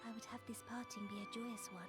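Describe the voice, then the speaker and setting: A woman's voice: on the high side, level tone, quick pace, close to an everyday voice. A woman voicing a young, regal, resolute sultana in a video game cutscene, speaking in a formal, old-fashioned way. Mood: tender. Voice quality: formal, archaic speech. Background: game music.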